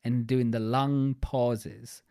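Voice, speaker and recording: A woman co-hosting a podcast, talking quickly and jokingly in casual chat. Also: rumbling low, fairly even intonation, warm tone, dry recording, studio quality. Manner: fast-talking, jokey, breaks into mock announcer voices. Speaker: podcast co-host.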